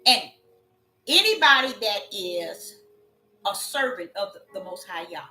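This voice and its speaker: A woman's voice: medium pitch, expressive, unhurried, bright, forceful tone, a little hiss or hum. A woman preaching a sermon in an emphatic way, repeating her phrases and drawing out the scripture she reads. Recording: echoey room with faint music.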